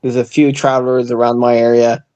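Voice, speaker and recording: A man's voice: medium pitch, level tone, fairly quick, warm tone, clean tone, muffled recording. Hesitant man asking curious questions. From England. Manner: curious, hesitant, says um and yeah. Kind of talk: casual chat.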